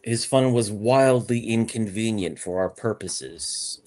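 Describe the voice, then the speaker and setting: A man's voice: lowish voice, slow, darkish tone. A man voicing a stern, proud male celestial warrior in a tabletop role-play, speaking in a haughty, clipped way. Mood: irritated.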